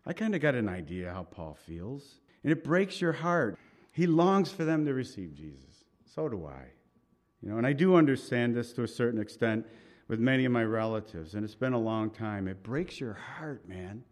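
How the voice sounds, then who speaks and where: A man preaching a sermon in an earnest, conversational way, with asides and pauses as he reads and explains scripture. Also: lowish voice, big pitch swings, darkish tone. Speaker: pastor.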